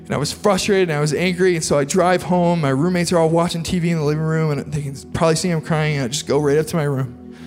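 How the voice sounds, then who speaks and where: Earnest higher-voiced male preacher. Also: fairly even intonation, fast, few pauses, a little mellow. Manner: earnest and confessional, loose with fillers like "like". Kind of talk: sermon testimony. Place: large hall with an audience. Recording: long hall reverb with faint music behind.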